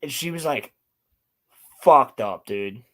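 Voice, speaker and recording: A young man hosting a casual podcast chat, telling animated stories and swearing often. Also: mid-range voice, slow pace. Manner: animated storytelling, heavy swearing. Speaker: podcast host.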